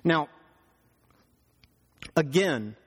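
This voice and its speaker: A male pastor preaching a sermon, telling stories and slowing down for emphasis. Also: on the high side, animated, a bit bright, slightly rough. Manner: storytelling, slows for emphasis. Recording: long hall reverb.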